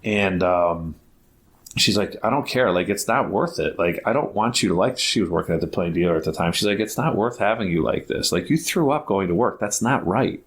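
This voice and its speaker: A man's voice: low-pitched, lively intonation, fairly quick. A middle-aged man, a guest on a podcast, telling a casual rambling story full of "like" and restarts, acting out the dialogue he quotes. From Ohio, United States. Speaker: guest, basketball academy founder.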